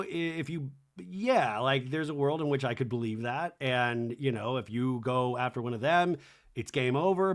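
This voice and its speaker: A man's voice: fairly high pitch, fairly bright tone. A man hosting a podcast, giving a comedic, gossipy recap of a reality show and mimicking the cast's quotes. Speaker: podcast host.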